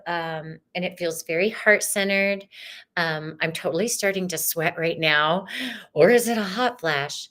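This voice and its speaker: A woman's voice: fairly low pitch, a little slow, fairly bright tone. A middle-aged woman hosting a live-streamed tarot reading, chatty and exclamatory with spiritual messages. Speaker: tarot reader and host.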